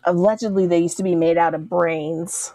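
A woman in casual podcast chat, chatty and quick to laugh. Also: lowish voice, steady tone, warm tone, no echo. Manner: laughs often, chatty storyteller.

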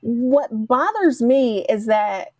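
A woman in casual podcast chat, chatty and quick to laugh. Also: a little high, lively intonation, a little mellow, dry recording. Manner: laughs often, chatty storyteller.

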